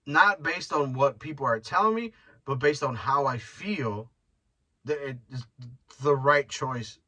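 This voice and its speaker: A man's voice: medium pitch, unhurried, bright, forceful tone, distant mic. A man hosting his own podcast, rambling bluntly and swearing freely as he talks through his thoughts. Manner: rambling, blunt and profane, with frequent restarts. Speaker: podcast host. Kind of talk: casual solo podcast monologue.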